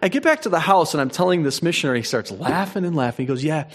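A man preaching a sermon, moving between hushed storytelling and emphatic, rising points. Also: on the high side, expressive, fast, breathy edge. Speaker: pastor.

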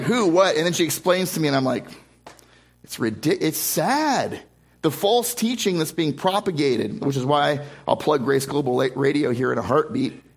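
A man preaching a sermon to a congregation as pastor, speaking emphatically and often repeating words and restarting phrases. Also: mid-range voice. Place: church service before a congregation.

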